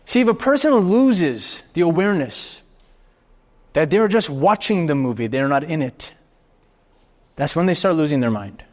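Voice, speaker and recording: A man giving a live motivational talk to an audience, animated and expressive, firing off rhetorical questions with the occasional swear word. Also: fairly high pitch, normal speed, long pauses. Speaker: motivational speaker. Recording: reverberant hall.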